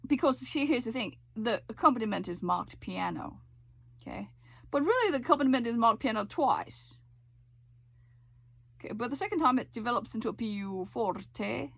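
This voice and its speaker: A woman's voice: mid-range voice, vocal fry. A woman teaching a voice lesson, coaching with frequent check-ins and sung demonstrations. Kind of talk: singing lesson explanation.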